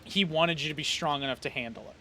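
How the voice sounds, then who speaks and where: A man's voice: fairly high pitch, fast talker, pushed and bright. A man narrating as game master of a tabletop game in a casual, swearing style.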